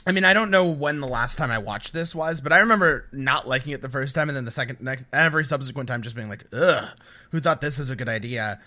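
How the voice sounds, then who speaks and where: Bright-voiced man rambling dismissively. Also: mid-range voice, fast, few pauses. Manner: rambling, dismissive, with many "I mean, like". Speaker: podcast co-host. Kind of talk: casual podcast chat.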